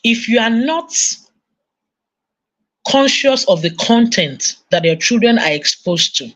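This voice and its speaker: Nigerian woman preacher, lively storyteller, parenting sermon. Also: fairly high pitch, takes it slowly. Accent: Nigerian English. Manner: animated storytelling, acting out voices. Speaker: conference speaker. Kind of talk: sermon-style parenting talk.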